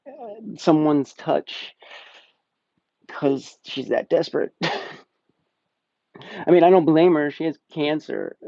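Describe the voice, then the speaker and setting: Young guy rambling about a movie on stream, slow and laid back, cusses a lot, kinda muffled mic. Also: a little high, gravelly, mellow, no echo. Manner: rambling, profane, laughs often. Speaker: movie reviewer. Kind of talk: casual live-stream movie review. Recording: slightly muffled dry stream audio.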